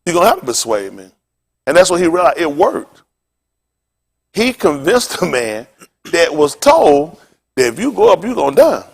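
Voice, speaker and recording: Lively animated male preacher. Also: a little high, creaky. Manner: animated preaching with call-and-response questions to the congregation; informal street talk in preaching. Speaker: pastor. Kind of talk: sermon.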